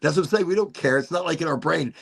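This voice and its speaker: A man's voice: fairly high pitch, quick pace, vocal fry, a bit bright, husky. A man hosting a casual chat, telling a story with lots of swearing and putting on mock British voices for the people he quotes. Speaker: host.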